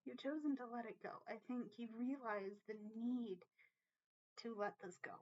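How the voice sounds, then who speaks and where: A woman's voice: on the high side, normal speed, a little mellow, highs cut off. A woman giving a casual tarot reading to her viewers, earnest and emotional, often checking in with "okay?" and swearing casually. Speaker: tarot reader.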